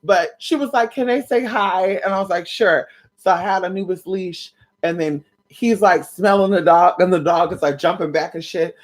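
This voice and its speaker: Sassy, blunt woman vlogger with a lowish voice. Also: normal speed. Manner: sassy, blunt and playful, calls viewers honey and sis. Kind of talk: casual talk to viewers. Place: at home late at night.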